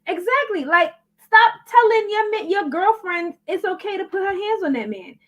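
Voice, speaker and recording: A woman's voice: very high-pitched, lively intonation, moderate pace. A woman hosting a podcast, chatty and upbeat, speaking straight to her listeners. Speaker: podcast host. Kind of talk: casual chat.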